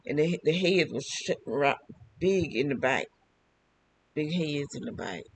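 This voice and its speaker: A man's voice: fairly high pitch, expressive, a little slow, slight background noise, poor audio. An older man talking alone to camera, rambling and often repeating and restarting his phrases. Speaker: vlogger. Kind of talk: casual monologue.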